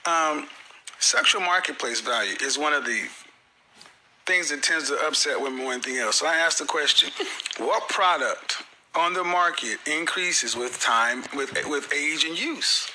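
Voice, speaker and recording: A man's voice: fairly high pitch, moderate pace, sharp tone, slight background noise, low-quality recording. A middle-aged man hosting a casual panel talk show, speaking emphatically and tossing out joking one-liners. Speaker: podcast host.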